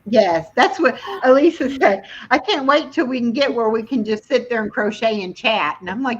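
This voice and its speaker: A woman's voice: on the high side, moderate pace, few pauses. A middle-aged woman hosting a live stream, chatting casually and telling stories about herself. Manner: chatty, self-deprecating storyteller. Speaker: host of a weekly live stream. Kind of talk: casual chat. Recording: dull lo-fi stream audio.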